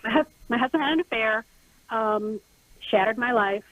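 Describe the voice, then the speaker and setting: A middle-aged woman calling in to a radio advice show, speaking haltingly with many restarts. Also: a little high, fairly bright tone, no room sound. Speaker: caller. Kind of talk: call-in radio question. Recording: phone line.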